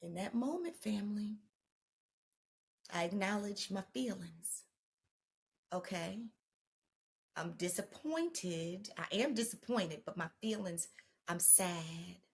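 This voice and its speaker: A woman hosting a mental health podcast in a casual motivational monologue, chatty and addressing listeners as family, sometimes hushing her voice for emphasis. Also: medium pitch, animated, slow pace, long pauses, slightly rough. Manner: drops to a hushed voice for emphasis.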